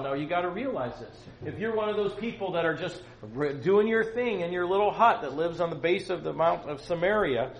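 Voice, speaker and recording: A man preaching at a family camp, teaching the Bible in a conversational, animated way and acting out the scripture. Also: high voice, brisk, few pauses, lo-fi sound. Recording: roomy echo, faint noise.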